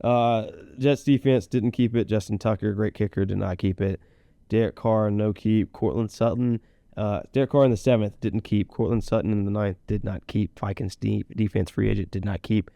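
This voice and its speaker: A man co-hosting a casual podcast, rambling through his points and teasing his friend. His voice is mellow and dark, recorded dry and close. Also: on the low side, steady tone, normal speed, gravelly, no echo. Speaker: podcast co-host. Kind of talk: casual chat. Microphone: podcast mic.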